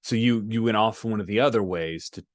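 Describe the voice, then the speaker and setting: A man's voice: on the low side, brisk, dry recording, clean studio sound. A man running a tabletop role-playing game, casual and checking in with his players. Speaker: game master.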